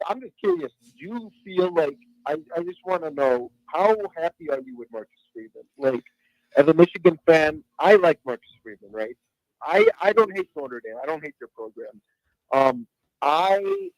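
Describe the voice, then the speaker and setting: A man from the greater Chicago area calls in and chats casually, hesitating and filling his pauses with uhs. His voice sits a little high and comes over a dry phone line. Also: big pitch swings, dry recording. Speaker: caller. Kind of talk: casual call-in chat.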